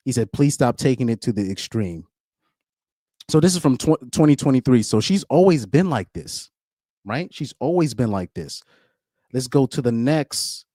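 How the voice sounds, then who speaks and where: A man talking through a casual live stream at a middle pitch, rambling and stumbling over repeated words. He breaks into laughs often. The sound is dry and close to the mic. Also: dark tone, no room sound. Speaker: commentary streamer.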